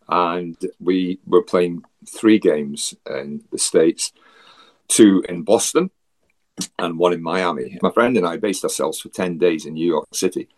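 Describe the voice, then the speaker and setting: A Scottish man from Scotland, a guest telling a travel story in a chatty way, with wry asides and frequent laughs. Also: deep voice. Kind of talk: casual storytelling.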